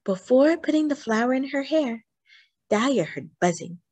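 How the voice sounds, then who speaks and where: A woman hosting storytime, reading a children's book aloud with expressive, animated storytelling. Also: high voice, moderate pace, no echo. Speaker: storytime host.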